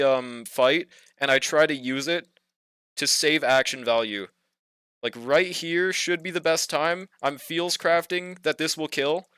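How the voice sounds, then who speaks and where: A man's voice: on the high side, sharp tone, clean tone, no echo. Laid-back young gamer guy, dry close mic. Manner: laid-back, slangy, swears, laughs often, trails off. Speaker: game streamer. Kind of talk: casual livestream chat while gaming.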